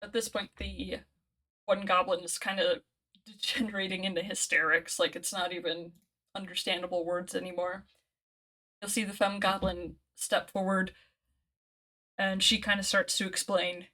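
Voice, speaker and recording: A woman's voice: medium pitch, level tone, moderate pace, pushed and bright. A woman narrating a tabletop role-play game as game master, casual and laughing often.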